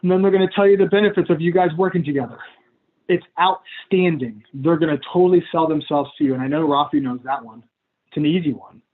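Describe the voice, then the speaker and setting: A man's voice: fairly high pitch, quick pace. A man teaching coaching skills on a video call in a casual, chatty way, acting out client conversations. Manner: casual, chatty, laughs at himself, acts out client dialogue. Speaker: coach trainer. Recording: tinny phone-like call audio.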